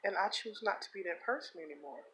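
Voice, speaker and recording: A woman speaking in a personal confessional vlog, earnest and heartfelt, holding back tears, with halting repeats. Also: lowish voice, animated, a bit bright, rough recording. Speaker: vlogger.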